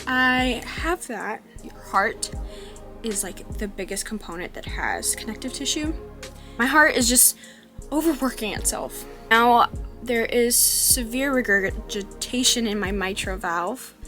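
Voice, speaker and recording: Young woman, candid personal vlog, halting with fillers, slightly high voice, soft music behind. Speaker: vlogger. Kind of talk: personal vlog about chronic illness.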